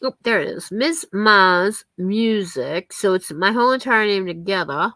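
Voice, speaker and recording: A woman's voice: mid-range voice, animated, fairly quick, a bit bright, dry recording. Giggly, chatty woman streamer. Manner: chatty and giggly, thanks viewers by name. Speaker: live streamer. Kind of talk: casual live-stream chat with viewers.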